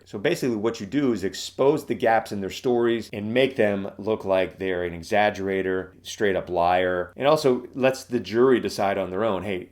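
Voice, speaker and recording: A man talking as a trial lawyer, giving instructional advice in an emphatic, direct, matter-of-fact way. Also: on the low side. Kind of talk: instructional talk.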